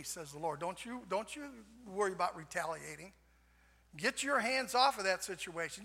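An older man preaching a sermon in a folksy way, repeating "amen" and swinging from soft passages to shouts. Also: high voice, animated, moderate pace, creaky. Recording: long hall reverb.

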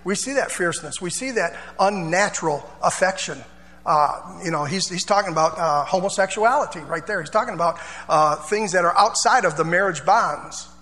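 A man's voice: sits high, moderate pace, bright, forceful tone, long reverb tail. A male pastor preaching a sermon in a church, chatty and informal, with asides and call-and-response.

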